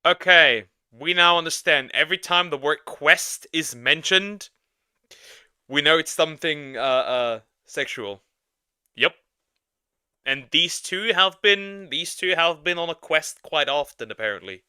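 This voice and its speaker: A man's voice: a little high, lively intonation, unhurried, bright, forceful tone, smooth, no echo, studio quality. Chatty young man reacting to a show. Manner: chatty, rambling, laughs often. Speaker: VTuber streamer. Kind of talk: casual reaction commentary.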